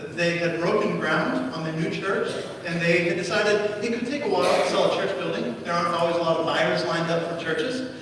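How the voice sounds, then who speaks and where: A man's voice: high voice, a bit bright, slight background noise. A male pastor preaching a sermon, telling stories with dry humor. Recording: echoey church hall from far off.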